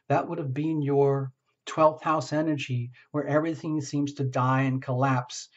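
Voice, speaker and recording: A man giving a casual tarot reading, talking gently and rambling, often checking in with "okay?". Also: mid-range voice, highs cut off. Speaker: tarot reader.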